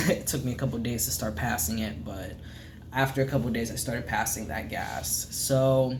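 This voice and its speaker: Soft-spoken rambling man vlogging. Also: medium pitch, moderate pace, a little hiss or hum. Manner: soft-spoken, rambling, many fillers, often trails off to a hush. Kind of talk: casual recovery update vlog.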